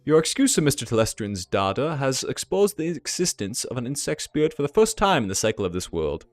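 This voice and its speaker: A man voicing a slow, melodious German male envoy of a dragon, with a put-on German accent, savoring each word. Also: mid-range voice, sing-song, dry recording, lightly acted. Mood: solemn.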